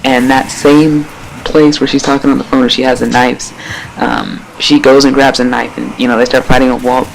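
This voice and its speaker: A man giving a casual spoken episode review, rambling and excitable, with lots of fillers and casual swearing. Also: medium pitch, moderate pace, gravelly, slight background noise, poor audio.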